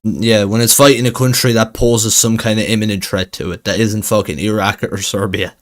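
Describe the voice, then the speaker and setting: A man's voice: on the low side, steady tone, a little fast. Blunt, sarcastic male stream commentator. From Russia. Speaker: livestream commentator. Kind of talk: casual reaction commentary.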